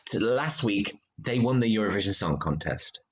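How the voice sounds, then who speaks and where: Animated chatty British man telling stories. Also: moderate pace, slight background noise. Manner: animated storyteller, acts out quotes with big pitch jumps. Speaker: guest, theatre actor. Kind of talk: casual chat.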